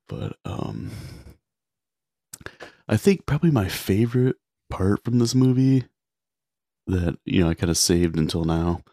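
Deep, mellow-voiced man chatting about movies. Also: sing-song, measured pace, gravelly, long pauses, no echo, clean studio sound. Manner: rambling, retells scenes with filler words. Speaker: podcast co-host. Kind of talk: casual movie chat.

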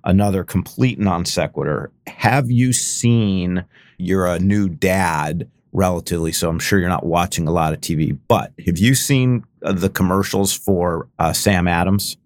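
A man's voice: low voice, a little slow, no echo. A man hosting an interview podcast, chatty and friendly, asking long rambling questions. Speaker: podcast host. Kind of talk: casual interview conversation.

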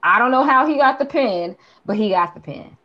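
A woman co-hosting a movie review podcast, retelling scenes in casual, profane, animated chat. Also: a little high, fairly quick, lo-fi sound. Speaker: podcast co-host.

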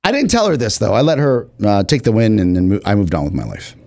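A man's voice: on the low side, sing-song, fast talker, a little mellow. A man telling a funny story about himself in casual podcast chat. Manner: storytelling, self-mocking. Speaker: regular co-host.

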